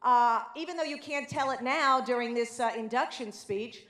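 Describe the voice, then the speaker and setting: A middle-aged woman with a light New York accent delivers a chatty acceptance speech, full of fillers and self-deprecating asides. Her voice sits fairly high, and it rings out through an echoey banquet hall. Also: normal speed, a bit bright. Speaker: award inductee giving a speech.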